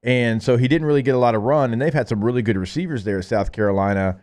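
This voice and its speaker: A man co-hosting a sports radio show, chatting quickly and rattling off player stats. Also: mid-range voice, a little mellow. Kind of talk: casual sports talk.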